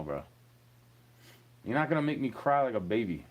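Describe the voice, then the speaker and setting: A man's voice: medium pitch, sing-song, moderate pace. A man in his thirties from New York City, ranting in a rambling, profane monologue and chuckling between points.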